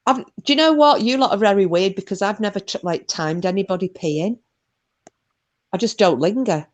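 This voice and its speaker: A woman's voice: mid-range voice, moderate pace. A woman hosting a livestream, chatting casually, swearing freely and reading out viewer comments. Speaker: livestream host. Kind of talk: casual chat.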